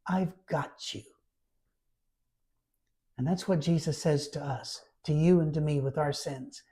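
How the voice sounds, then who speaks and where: A man's voice: on the high side, steady tone, normal speed, dark tone. A man giving a conversational sermon as a Bible storyteller, stressing key phrases by repeating them.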